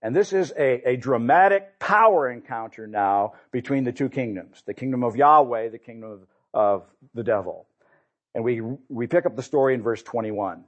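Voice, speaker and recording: A man preaching a sermon in a conversational way, often doubling back on his words. His voice sits at an ordinary middle pitch. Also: moderate pace. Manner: conversational, repeats and restarts words.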